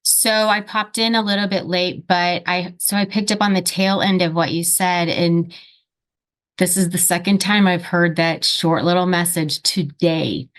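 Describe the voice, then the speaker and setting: A woman's voice: on the low side, steady tone, unhurried. Chatty woman in her fifties on a call. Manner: chatty storyteller, acts out quoted speech. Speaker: real estate agent on a group call. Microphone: video call.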